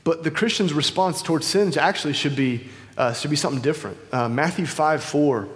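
Male preacher, slightly high voice, loose conversational delivery, reverberant hall. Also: fairly quick. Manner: casual, conversational, many fillers and restarts. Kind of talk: informal sermon. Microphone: wireless microphone.

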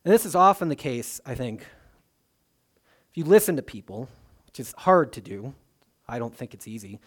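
A man's voice: medium pitch, very animated, moderate pace. Conversational male pastor preaching. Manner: conversational, dynamic, with frequent fillers and restarts. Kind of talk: sermon.

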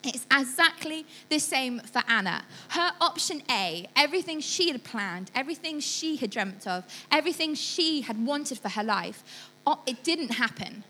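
A woman's voice: high-pitched, normal speed. A young woman giving a sermon, telling a story with lots of laughter and acted-out voices. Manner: lively storytelling, acts out voices, laughs often. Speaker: church speaker.

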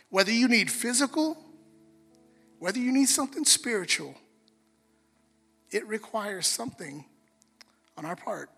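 Man, pastor, husky, very bright voice, fairly high, animated storytelling, reverberant hall, soft music underneath. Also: measured pace, long pauses. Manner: animated storyteller, acts out quotes. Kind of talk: sermon with storytelling.

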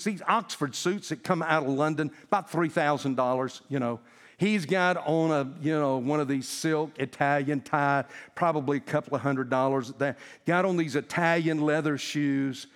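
A male pastor telling a story in a sermon, in a folksy, animated way. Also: on the high side, normal speed, big-room sound.

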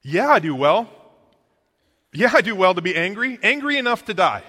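A man's voice: sits high, very animated, normal speed, sharp tone, voice pushed up, full character voice. A man voicing the prophet Jonah as a sulking, furious young man making exasperated demands. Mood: defiant. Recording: long echoing reverb.

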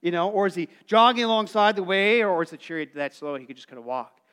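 Middle-aged male pastor, high and animated, chatty sermon delivery. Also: quick pace, smooth. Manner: conversational, animated, acts out quotes; calls for congregation responses.

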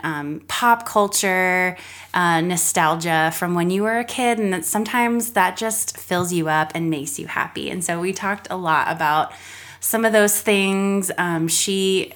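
A woman's voice: lowish voice, fairly bright tone. A woman from Florida hosting a podcast, chatting casually and laughing easily as she talks. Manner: chatty and giggly, quick to laugh. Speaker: podcast host.

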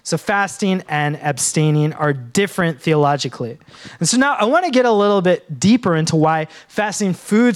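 Joking pastor preaching a sermon. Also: male voice, on the high side. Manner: joking, engages the congregation. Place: church.

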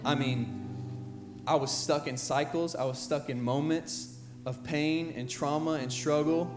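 A man's voice: a little high, fairly even intonation, unhurried. Young male pastor preaching over music. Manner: earnest, builds in intensity, repeats phrases. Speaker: high school pastor. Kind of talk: sermon. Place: church sanctuary with band playing behind. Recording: roomy church hall with live music.

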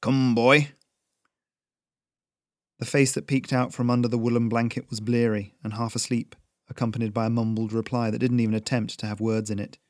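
A man reading a story aloud in a slow, measured narration. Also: medium pitch, flat delivery, mellow, no room sound, studio quality.

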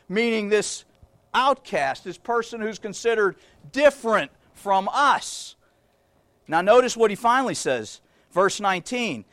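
A man's voice: sits high, fairly bright tone, dry recording, clean studio sound. A man preaching a sermon, reading scripture and repeating key phrases with emphasis as he addresses the congregation as folks.

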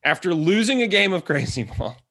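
A man co-hosting a casual movie review chat, excitable, swearing freely and laughing often. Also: high-pitched, brisk. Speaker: podcast co-host.

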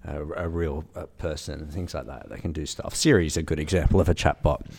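A man's voice: rumbling low, steady tone, quick pace, vocal fry, darkish tone. A man co-hosting a casual chat, explaining a news story in a thoughtful way. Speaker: podcast co-host.

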